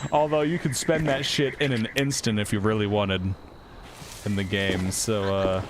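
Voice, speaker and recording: A man's voice: fairly high pitch, noisy background. A man streaming a game, chatting casually, swearing freely and thinking aloud as he plays. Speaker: gaming streamer. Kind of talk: casual live-stream commentary. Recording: loud game audio under the voice. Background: loud sea and ship sounds from the game.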